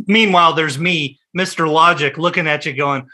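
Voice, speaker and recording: A middle-aged man hosting a podcast in loose, swearing, animated chat. His voice sits a bit high and rings bright and forceful. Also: measured pace. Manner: profane, animated storyteller. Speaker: podcast host.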